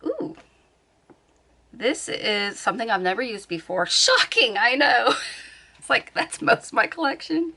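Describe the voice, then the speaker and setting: Slow-talking bright-voiced woman vlogger. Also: a little high, expressive, gravelly, slight background noise. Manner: chatty, laughs often, thinks aloud. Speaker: beauty vlogger. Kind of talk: casual chat. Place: at home on a bed.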